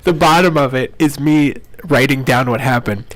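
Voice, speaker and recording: A young man co-hosting a loose podcast, venting with plenty of laughs and mocking asides. He speaks at a middle pitch and sounds like he is telling a friend. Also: normal speed, few pauses, fairly bright tone, dry recording. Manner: ranting, laughing often, mocking voices in quotes. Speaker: podcast co-host. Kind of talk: casual chat.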